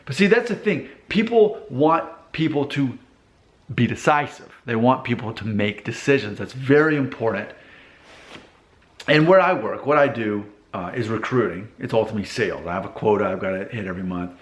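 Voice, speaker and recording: A man in his thirties talks through his advice in a casual, conversational way. His voice sits at a middle pitch. It bounces around the hard walls of a repair shop, which gives it a roomy echo. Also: lively intonation, normal speed. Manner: conversational, acts out quoted people in exaggerated voices. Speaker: vlogger giving advice. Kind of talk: casual advice monologue to camera. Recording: echoey workshop.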